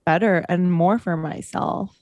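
A woman's voice: lowish voice, measured pace, darkish tone, dry recording. A woman who works as a coach, talking in a casual podcast conversation, earnest and emphatic, making her points in repeated parallel phrases.

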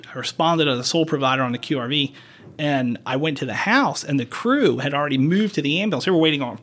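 A man's voice: mid-range voice, a bit bright. A man working as a paramedic, chatting frankly on a podcast, swearing and acting out quoted dialogue as he tells his stories. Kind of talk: casual podcast chat, storytelling.

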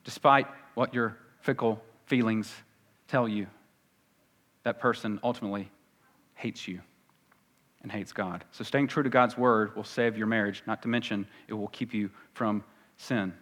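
A pastor with a Southern US accent preaches earnestly and conversationally, his pitch jumping up whenever he acts out quoted voices. His tone is steady and a bit bright, and his pace measured.

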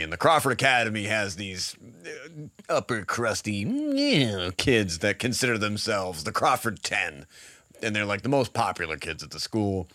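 Male podcast host, low-ish, animated delivery, chatty and rambling. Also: no echo, studio quality. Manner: rambling, chatty, full of fillers. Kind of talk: casual chat.

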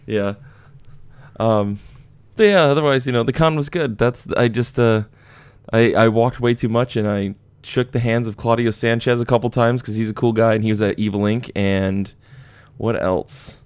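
A man's voice: mid-range voice, fairly even intonation, moderate pace, clean tone, dry recording. A young man hosting a podcast, telling a story in casual chat and acting out the voices of people he quotes. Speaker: podcast host.

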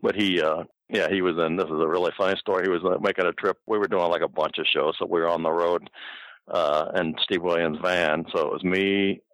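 A man's voice: low-pitched, fairly even intonation, a little fast, a bit bright, no echo, rough recording. An older man and former wrestler telling casual, rambling stories from the road, full of fillers and restarts. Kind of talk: casual storytelling.

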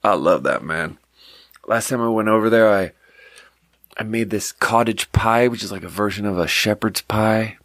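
A man's voice: lowish voice, normal speed, fairly bright tone, no room sound, studio quality. A man hosting a podcast, rambling in casual chat with frequent laughs and casual swearing. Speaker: podcast host.

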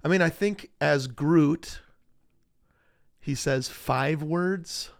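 A man hosting a podcast in relaxed, chatty conversation that often trails off into fillers. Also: on the high side, very slow, vocal fry, no echo, clean studio sound. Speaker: podcast host. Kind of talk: casual chat.

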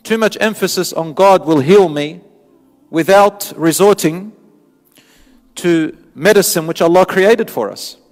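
A man's voice: on the high side, a little mellow. A man delivering an earnest, emphatic Islamic sermon, repeating phrases for stress. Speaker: Islamic preacher. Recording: long hall reverb, faint music.

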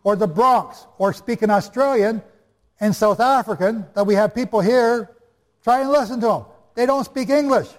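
A man preaching and teaching the Bible to a live audience, chatty and jokey, often quizzing the listeners. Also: extremely high pitch. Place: hall before a live audience. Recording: long reverb of a large hall.

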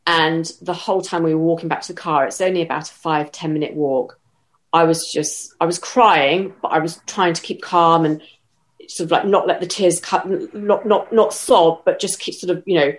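Low voiced woman telling what happened to her, halting, steady, interview. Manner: measured, halting retelling with restarts. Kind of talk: personal account in an interview.

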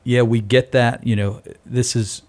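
A man reflecting in a casual faith discussion as a podcast co-host, measured and thoughtful. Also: medium pitch, flat delivery, a little mellow.

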